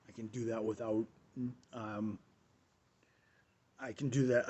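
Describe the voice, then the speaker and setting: Husky man rambling through a story. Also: mid-range voice, a little mellow. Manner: rambling, repeats phrases, many fillers. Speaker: radio show host. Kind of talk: casual storytelling monologue.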